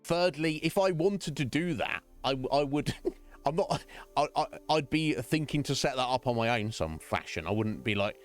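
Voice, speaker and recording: A man streaming a game, chatting casually in a rambling, halting way and often laughing. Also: medium pitch, expressive, faint music behind.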